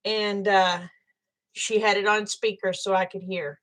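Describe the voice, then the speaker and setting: A woman's voice: mid-range voice, little pitch movement, a little slow. An older woman, chatting with viewers on a livestream, angry and blunt and swearing freely. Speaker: livestream host. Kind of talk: casual livestream chat with viewers.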